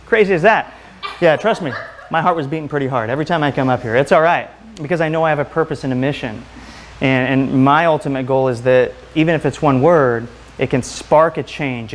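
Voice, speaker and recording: A man giving a motivational health talk to a live audience, firing question after question at the room. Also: fairly high pitch. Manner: energetic, asks the audience many questions. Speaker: health speaker.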